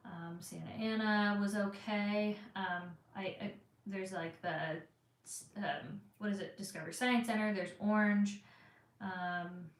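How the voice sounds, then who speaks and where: A woman's voice: mid-range voice, fairly even intonation, unhurried. A young woman with a Southern Californian accent, chatting casually on a live stream and answering viewers, rambling with lots of fillers. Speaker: vlogger answering live chat. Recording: echoey room.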